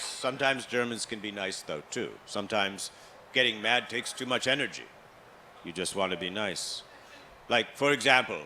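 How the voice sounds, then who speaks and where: Stand-up comic, male, mid-range voice, deadpan delivery, live club sound with noticeable background noise. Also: mid-range voice. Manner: deadpan storytelling, loud put-on voices for family. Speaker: stand-up comedian. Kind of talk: stand-up comedy with crowd work. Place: comedy club stage.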